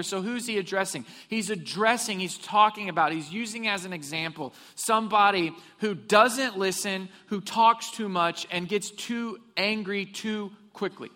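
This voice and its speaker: Pastor guy preaching, kinda high bright voice, big echoey church hall, jokes around w the crowd. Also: unhurried, hardly any pauses. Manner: humorous storytelling, asks the congregation questions. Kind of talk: sermon. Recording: long reverb of a hall.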